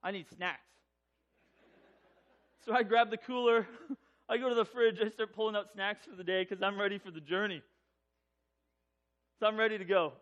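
High-voiced man telling a funny story. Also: normal speed, pauses often, highs cut off. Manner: humorous, self-mocking; animated, acts out voices in his telling. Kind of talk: personal story told to an audience.

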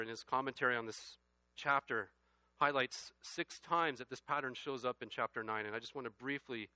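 A man preaching a sermon, reading scripture aloud and rising from quiet reflection to loud, emphatic passages. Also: medium pitch, dry recording. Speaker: pastor.

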